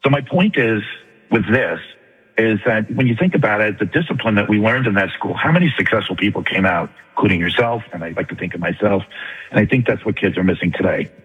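Older man, New York accent, husky low voice, tinny phone line, earnest caller. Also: lively intonation, long reverb tail. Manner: fast, earnest, eager to make his point. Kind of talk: call-in radio talk.

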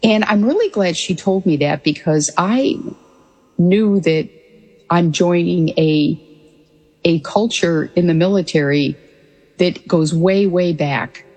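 A woman's voice: on the low side, slow, darkish tone, big-room sound, soft background music, rough recording. A woman in her sixties, a former military pilot, telling her story as an interview guest in an earnest, reflective way. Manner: earnest and reflective, with frequent restarts and light laughs. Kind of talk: conversational storytelling.

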